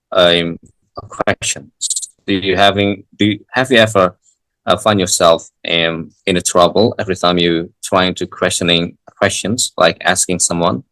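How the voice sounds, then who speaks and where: Deep-voiced man tutoring English. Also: a bit bright, no echo, low-quality recording. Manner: halting, with frequent restarts and fillers. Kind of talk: casual English lesson.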